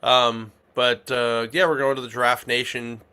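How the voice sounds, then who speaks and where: Guy chatting comics, bright forceful voice, rambly, lots of ums. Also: mid-range voice, little pitch movement, a little slow, smooth. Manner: rambling, lots of fillers and restarts. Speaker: comic shop podcast host. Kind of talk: casual chat.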